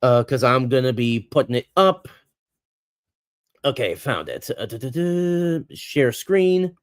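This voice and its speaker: A man's voice: mid-range voice, very animated, slow pace, dry recording, clean studio sound. A man hosting a casual livestream chat, rambling and hesitant, with lots of ums and restarts and some laughing at himself. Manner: rambling, hesitant, full of fillers. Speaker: host.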